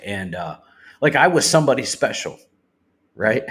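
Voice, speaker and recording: Deep-voiced man telling a candid story. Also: very animated, normal speed, a bit bright. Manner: candid, swears freely, retells talk in quotes. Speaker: podcast guest. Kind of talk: personal recovery testimony.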